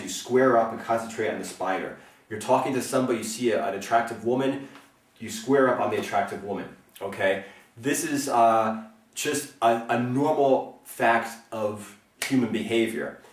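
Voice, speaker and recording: A man explaining self-defense as an instructor, speaking earnestly and often checking in with a quick "okay?". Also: medium pitch, recorded from a distance. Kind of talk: instructional talk. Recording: roomy, mic set back from speaker.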